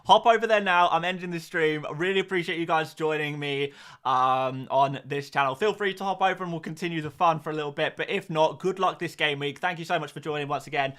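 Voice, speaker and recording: A man's voice: fairly high pitch, a little fast, a bit bright. A man hosting a casual live stream about fantasy football, talking to his chat with self-mocking asides. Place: home room.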